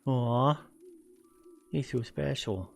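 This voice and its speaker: A man giving casual gameplay commentary, reading game text aloud in an easygoing way and thinking out loud with jokey asides. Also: medium pitch, very slow, creaky. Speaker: let's play gamer.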